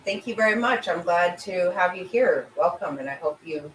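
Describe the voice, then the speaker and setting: A woman's voice: lowish voice, lively intonation, moderate pace, roomy sound, distant mic, poor audio. A middle-aged woman hosts a casual livestream, answering viewers with emotional, sympathetic rambling full of restarts. Her voice sits a little away from the mic. A faint ambient noise runs underneath. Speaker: livestream host reading chat.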